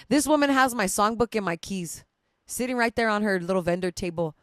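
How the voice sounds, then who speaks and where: A woman's voice: medium pitch, animated, a little fast, dry recording, studio quality. A young woman hosting a podcast, telling a rambling personal story with lots of laughs and casual swearing. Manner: chatty and emotional, laughs often, swears casually. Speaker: podcast host.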